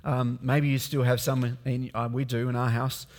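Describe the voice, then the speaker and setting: A man's voice: mid-range voice, flat delivery, moderate pace, big-room sound. A man preaching a sermon as a pastor, speaking conversationally with many fillers and restarts.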